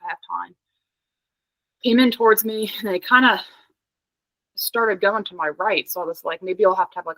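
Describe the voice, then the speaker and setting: A young woman from Pennsylvania, a podcast guest, telling an animated story in casual chat, laughing often and saying "like" a lot. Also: medium pitch, no room sound, rough recording.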